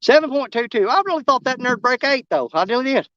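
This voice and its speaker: A man's voice: very high voice, animated, fast talker, bright, forceful tone, no room sound. A man talking fishing, folksy and joking, his voice bouncing up and down. The audio is dry and a little dull. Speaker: fishing vlogger. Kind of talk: casual outdoor vlog chat.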